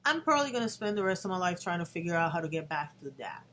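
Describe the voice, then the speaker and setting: Earnest low-voiced woman in her fifties. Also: sing-song, fast, a bit bright, a little hiss or hum. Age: 50s. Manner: earnest, with restarts, emotional at times. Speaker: vlogger. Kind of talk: personal vlog talk to camera.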